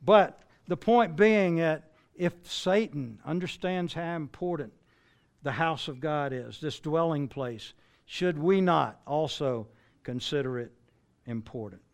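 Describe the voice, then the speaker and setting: This older preacher's voice is on the high side, slow, and full of vocal fry. His sermon is conversational, peppered with rhetorical questions, and he frequently stumbles and restarts his phrases.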